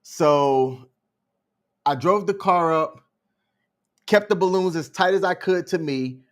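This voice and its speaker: Man, slightly high voice, calm and measured, casual podcast storytelling. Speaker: podcast co-host.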